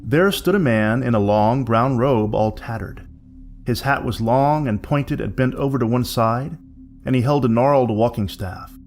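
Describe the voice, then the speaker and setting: A man narrating a scripted horror story in a measured, suspense-building way. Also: mid-range voice, darkish tone, a little hiss or hum.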